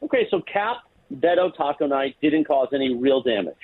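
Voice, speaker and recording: A man calling in to a radio show, bantering in an animated, teasing way with mock-grand praise. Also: mid-range voice, moderate pace, dry recording. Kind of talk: casual sports radio banter. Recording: tinny phone line.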